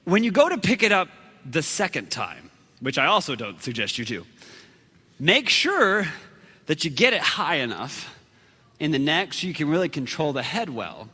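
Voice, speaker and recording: A man telling a story as a sermon in an animated way, acting out shouted lines and laughing at himself. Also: fairly high pitch, moderate pace, slightly rough, in a large hall. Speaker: preacher.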